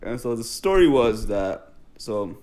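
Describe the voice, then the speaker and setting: A man's voice: fairly low pitch, measured pace, a little hiss or hum. Young man telling stories casually. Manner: animated storyteller, swears often. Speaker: podcast co-host. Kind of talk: casual chat.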